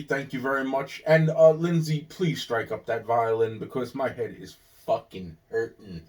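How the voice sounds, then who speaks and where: A man delivering a rambling monologue, repetitive and profane, circling through restarts and breaking into sudden loud outbursts. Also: mid-range voice, moderate pace, few pauses.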